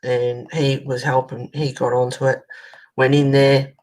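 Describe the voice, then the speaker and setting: A woman's voice: very deep voice, level tone, measured pace, a little mellow, low-quality recording. An Australian woman hosting a colouring channel, telling a long rambling story in casual chat as she colours, swearing now and then.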